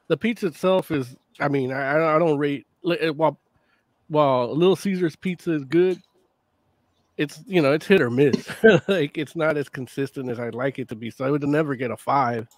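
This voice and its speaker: A man chats animatedly as a podcast co-host, swearing freely. His voice sits a little high. The sound is dry and close. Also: moderate pace, dry recording. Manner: animated, swearing, chatty with laughs. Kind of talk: casual chat.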